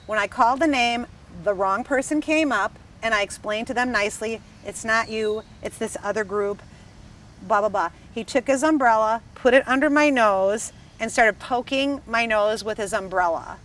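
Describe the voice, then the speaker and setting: A woman from Wisconsin, a restaurant dining room manager, telling stories in a lively, emphatic casual chat. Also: a little high, moderate pace. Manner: animated, emphatic storyteller. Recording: slightly distant mic, faint background noise.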